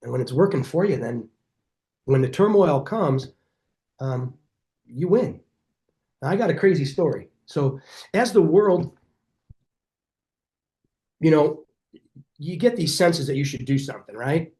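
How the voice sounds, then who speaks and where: Energetic middle-aged man telling stories. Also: fairly high pitch, unhurried, pauses often. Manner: energetic, animated storyteller who acts out quoted dialogue. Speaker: chiropractor guest. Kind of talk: podcast interview storytelling.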